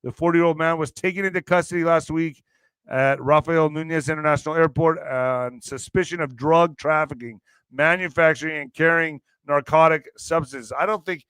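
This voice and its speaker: A man hosting a casual news commentary show, joking, swearing and laughing often, with loud bursts of emphasis. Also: a little high, clean tone, no echo. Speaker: show host.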